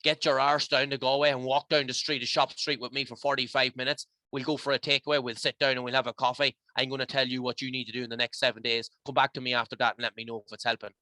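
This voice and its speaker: Passionate Irish man, bright forceful voice. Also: medium pitch, level tone, fast talker, few pauses, dry recording. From Ireland. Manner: emotional, rambling, passionate. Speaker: podcast guest. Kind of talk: casual chat.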